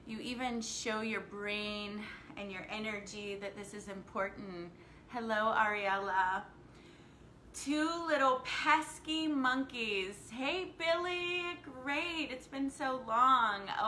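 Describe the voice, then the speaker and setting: A bright-toned woman chats on a casual live stream, upbeat and friendly, greeting viewers by name. Her voice bounces around a hard-walled room, with a faint hum of noise behind her. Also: mid-range voice, reverberant. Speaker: live-stream host and life coach.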